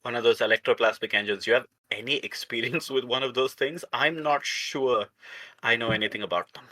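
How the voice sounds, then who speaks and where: A man's voice: medium pitch, a little fast, sharp tone, poor audio. A man playing a tabletop game, eagerly describing his character's actions. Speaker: player. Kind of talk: tabletop role-play chat.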